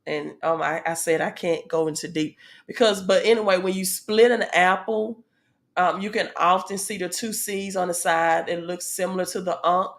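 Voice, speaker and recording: A woman with a Southern US accent gives a casual spiritual teaching, filling it with "um"s and often checking in with her audience by asking "right?" Her voice is on the low side, with fairly even intonation at a moderate pace.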